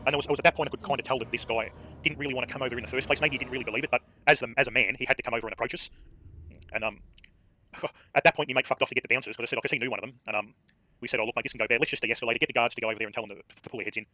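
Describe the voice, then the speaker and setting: A man's voice: medium pitch, fairly even intonation, rapid-fire, pushed and bright, no echo. An Australian man telling a casual story while streaming a game. He rambles, swears freely and leans on fillers. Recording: game music playing underneath. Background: game music.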